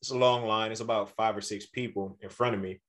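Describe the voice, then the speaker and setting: A man co-hosting a podcast, telling a travel story in a casual, animated way and acting out the people he quotes. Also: lowish voice, a little fast. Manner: animated, acts out quoted voices. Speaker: podcast co-host.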